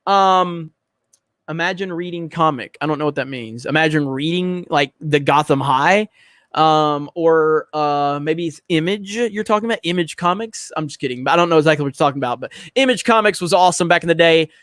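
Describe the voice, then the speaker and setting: A man's voice: fairly high pitch, a little fast, fairly bright tone, no echo. A man hosting a livestream, reading chat in a blunt, profane, joking way. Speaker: livestream host.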